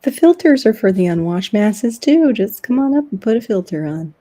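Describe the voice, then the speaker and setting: A woman's voice: mid-range voice, expressive, moderate pace, dark tone. A woman hosting a casual online talk show, chatting and laughing often. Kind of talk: casual chat.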